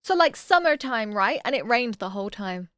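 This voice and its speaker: A woman streaming casually, reading viewer messages aloud and answering them with bursts of excitement. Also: fairly high pitch, normal speed, no echo, studio quality.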